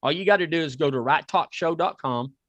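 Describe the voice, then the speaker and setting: A man with a Southern accent hosting a talk podcast, excitable and repeating himself as he pitches a sponsor. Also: fairly quick, dry recording, lo-fi sound. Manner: excitable, repeats words and restarts. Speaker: podcast host. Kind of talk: casual chat with a sponsor plug.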